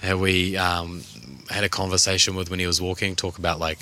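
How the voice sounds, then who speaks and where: A young man talks loosely on a podcast, swearing freely and drawling through his stories. His voice sits fairly low yet carries a bright, forward edge. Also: little pitch movement, a little fast. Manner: laid-back, slangy, swears freely. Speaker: podcast co-host. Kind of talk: casual chat.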